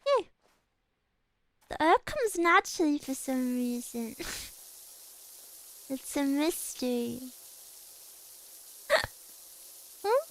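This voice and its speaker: A woman's voice: sits high, sing-song, extremely slow, long pauses, fairly bright tone, slight background noise, poor audio. A woman streamer chatting casually with her viewers while playing a game, bubbly and giggly. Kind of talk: casual chat while gaming.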